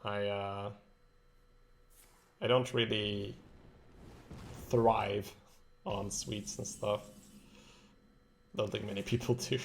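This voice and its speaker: A man's voice: on the low side, little pitch movement, slow pace, gravelly, pauses often, slight background noise. A man from Belgium, a game streamer chatting casually while thinking aloud about his plays and answering viewers. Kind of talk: casual live-stream commentary.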